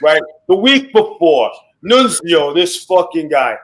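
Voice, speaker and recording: A man's voice: a little high, very animated, takes it slowly, fairly bright tone, poor audio. A man telling stories and roasting a co-host on a podcast in brash, profane, mock-mobster banter. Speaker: guest wrestler. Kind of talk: loud comedic roasting, storytelling. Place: podcast studio.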